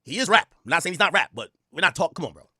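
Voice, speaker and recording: A man's voice: a little high, sing-song, very fast, bright, forceful tone, breathy edge, no echo, clean studio sound. A man hosting a reaction commentary, ranting with profanity and repeating his points for emphasis. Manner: repetitive, emphatic. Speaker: host.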